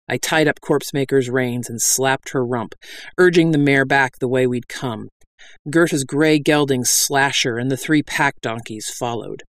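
A man's voice: medium pitch, a little slow, fairly bright tone, no room sound. A man reading a fantasy story aloud as narrator, wry and dry-humored.

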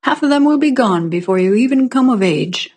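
A woman reading the part of a good-natured middle-aged craftsman who teases kindly, in a storybook reading with a breathy voice. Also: fairly high pitch, animated, fairly quick, darkish tone. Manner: cheerful, teasing.

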